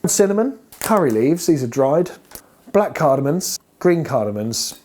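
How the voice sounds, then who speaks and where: A man's voice: fairly high pitch, very animated, a little slow, darkish tone. A man hosting a cooking video, talking casually and playfully while he cooks in a home kitchen. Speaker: cooking show host. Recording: clear frying noise behind voice. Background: frying and sizzling pan sounds.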